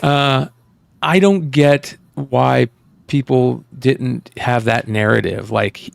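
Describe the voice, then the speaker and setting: A man's voice: medium pitch, slow, creaky. A man hosting a podcast in casual chat, blunt and profane, exasperated, speaking into a close mic. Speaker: podcast host.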